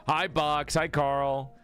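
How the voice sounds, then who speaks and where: Guy streamer chatting w his viewers, jokey and teasing, kinda high voice that bounces all over. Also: fairly bright tone. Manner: joking, teasing, reads chat aloud and answers. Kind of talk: casual live-stream chat with viewers.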